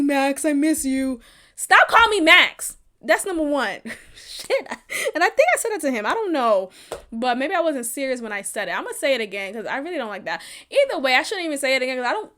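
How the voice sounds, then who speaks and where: A woman from Texas hosting a podcast, telling a dating story at home in a blunt, profane, animated way. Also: sits high. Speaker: podcast host. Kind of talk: casual storytelling monologue.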